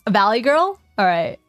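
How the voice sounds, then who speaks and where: A woman's voice: medium pitch, no echo. Playful woman streamer narrating a game. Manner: playful, laughs often, reads game text aloud.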